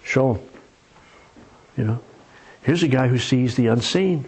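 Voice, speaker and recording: A husky man delivers a sermon in a relaxed, conversational storytelling manner. He mixes Bible passages with folksy humor, and his voice sits at an ordinary pitch. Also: unhurried. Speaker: preacher.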